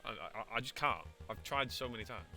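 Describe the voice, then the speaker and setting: A man's voice: mid-range voice, animated, fairly quick, creaky, pushed and bright, faint music behind. A man streaming a courtroom video game, reading lines aloud and joking around in casual commentary. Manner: reads game dialogue aloud and jokes. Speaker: VTuber streamer. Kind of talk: casual let's-play commentary.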